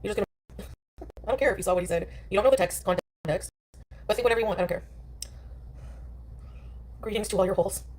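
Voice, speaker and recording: A woman's voice: medium pitch, fast, long pauses, darkish tone, a little hiss or hum. Dismissive woman rambling on a livestream. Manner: dismissive, rambling, many likes. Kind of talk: casual livestream chat.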